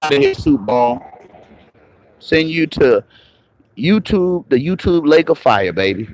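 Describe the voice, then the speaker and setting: A man with a raspy voice, an online commentator delivering a confrontational, profane, mocking rant on a live stream. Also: fairly high pitch, sing-song, a little slow, a little hiss or hum, rough recording. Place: moving around on the go, patchy signal.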